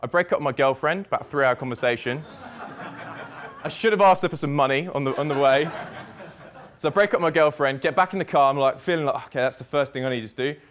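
A man's voice: fairly high pitch, fast, fairly bright tone. A young man telling a personal story in the present tense as a speaker at a summit, swearing freely. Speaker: speaker at a fitness business summit. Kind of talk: storytelling keynote talk.

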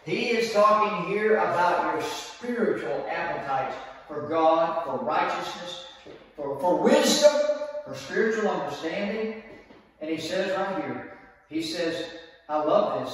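A man preaching in a big, echoey hall, his voice picked up from a distance. He talks in a high register and takes his time, often repeating phrases and putting questions to the congregation. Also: expressive, measured pace. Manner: emphatic, repeats himself, asks the listeners questions. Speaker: pastor. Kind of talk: sermon teaching. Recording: echoey hall, mic far off.

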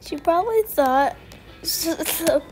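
A woman's voice: very high-pitched, animated, slow pace, darkish tone, soft background music. A woman giving casual gaming commentary, giggling often and squealing when startled. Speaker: gamer.

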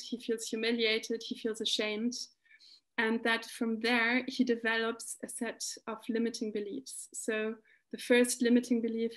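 A woman talks through a tapping technique in a calm, explanatory way. Her voice sits a little high and stays fairly level, with little rise and fall. She often backs up and restarts a phrase before carrying on. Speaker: EFT practitioner giving a talk. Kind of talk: explanatory talk with demonstration.

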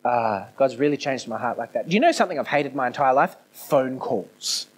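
A male pastor giving a conversational sermon, moving between quiet, intimate passages and raised, emphatic ones. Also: mid-range voice, brisk, slightly rough, rough recording. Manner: conversational preaching with swings from soft to emphatic. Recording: no video, audio only.

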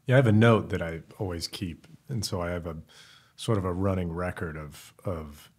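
Husky, chatty man, fairly low voice. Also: normal speed. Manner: rambling, self-correcting, chatty. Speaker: podcast co-host. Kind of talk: casual podcast chat.

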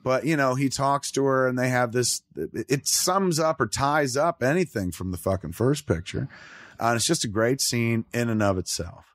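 A middle-aged man chatting casually as a host, excitable and swearing freely, often slipping into quoted voices. He has a middle-pitched voice recorded close and dry, with no room sound. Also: moderate pace, no echo. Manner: animated, swearing, acts out lines in quotes. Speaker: podcast host. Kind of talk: casual profane chat.

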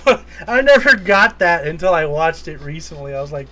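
A man's voice: on the high side, sing-song, a little fast, bright, forceful tone. A man co-hosting a casual movie podcast, rambling through scenes, swearing freely and laughing as he retells them. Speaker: podcast co-host. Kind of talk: casual movie review chat.

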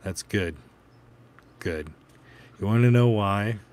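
Man doing a cold, threatening vigilante, very low voice, slow and pointed, audiobook read. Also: a little mellow. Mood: menacing. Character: cold menacing male vigilante, calm and threatening.

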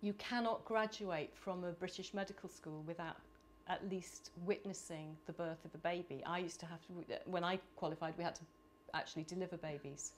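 A middle-aged woman from the United Kingdom speaking at a conference, animated and chatty with laughing asides. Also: lowish voice, brisk, few pauses, slight background noise. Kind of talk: conference talk. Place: conference hall.

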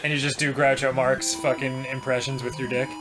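A man's voice: medium pitch, brisk. A man co-hosting a casual let's-play, chatting and laughing a lot while game music plays. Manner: giggly, animated, breaks into laughter often. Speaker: co-host.

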